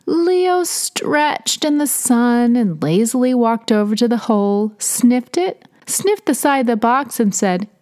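Woman, storytelling, chatty, lively rising and falling pitch, fairly high voice. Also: takes it slowly, hardly any pauses. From Tennessee, USA. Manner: chatty, laughs between stories. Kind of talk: personal storytelling narration.

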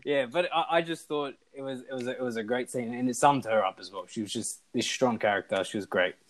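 A man's voice: mid-range voice, quick pace, rough recording. Rambling man chatting about TV. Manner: rambling, enthusiastic, many fillers and restarts. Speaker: podcast co-host. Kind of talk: casual chat reviewing a TV show.

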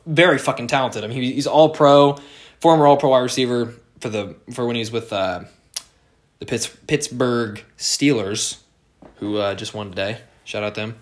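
A man's voice: mid-range voice, fairly bright tone. Rambling, cursing young American man. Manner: rambling, swears often, many fillers and restarts. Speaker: podcast host. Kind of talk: casual solo podcast monologue.

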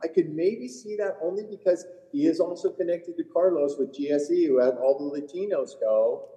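A man co-hosting a casual golf podcast, spinning long rambling anecdotes with a loose, profane edge. His voice sits warm and dark. The recording rings with a long room reverb. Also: on the high side, moderate pace. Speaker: podcast co-host, PGA Tour caddie. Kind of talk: casual chat, storytelling.

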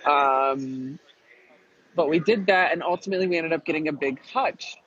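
A man with a slightly high voice, speaking at a moderate pace, casually recounts a frustrating reality show experience. He's profane and emphatic, animatedly quoting people as he tells it, and the recording sounds dull and lo-fi.

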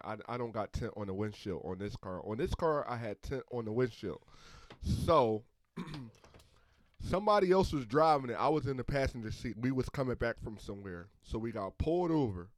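A man casually telling a story among friends, animated and acting out the other people's lines. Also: medium pitch, no echo.

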